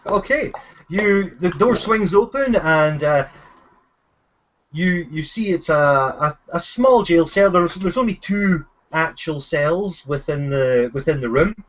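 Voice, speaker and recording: A man narrating a tabletop game as its game master, his speech unhurried and full of halting restarts. His pitch sits a little above the usual for a man. The sound is muffled and lo-fi, like voice chat. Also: lively intonation. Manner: hesitant, frequent fillers and restarts.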